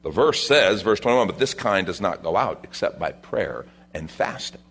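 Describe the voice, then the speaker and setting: A man preaching a sermon, reading scripture and explaining it, rising to loud emphasis at times. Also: sits low, expressive, moderate pace. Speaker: pastor.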